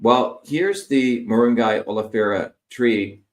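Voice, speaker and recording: A man's voice: mid-range voice, measured pace, reverberant. A middle-aged man from India, giving an explanatory lecture over slides and listing terms one by one with fillers. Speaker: presenter.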